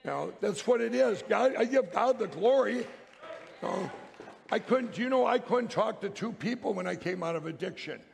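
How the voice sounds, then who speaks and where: A public speaker with a high, expressive, creaky voice tells an audience a rambling, emphatic story at a moderate pace, restarting many times. The recording carries a long hall reverb.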